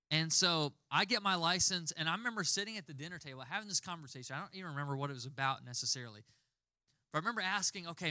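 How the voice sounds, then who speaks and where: Bright-voiced male pastor preaching. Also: fairly high pitch, dry recording, studio quality. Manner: conversational storytelling, acts out quoted dialogue. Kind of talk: sermon.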